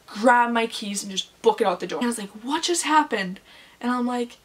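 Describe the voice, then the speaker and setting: A woman's voice: medium pitch, a bit bright. Young woman vlogger, casual storyteller, loose and chatty delivery, heavy on fillers and cursing. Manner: chatty, swears often, says "like" a lot.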